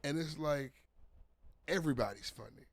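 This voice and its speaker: A man guesting on a casual podcast, animated and swearing as he chimes in. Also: fairly high pitch, moderate pace, no echo. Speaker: guest comedian.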